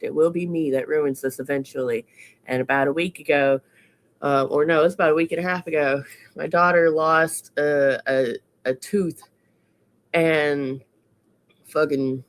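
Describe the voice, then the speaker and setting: A woman co-hosting a live morning show, telling a story in casual chat, swearing freely and correcting herself as she rambles. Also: sits low. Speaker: co-host.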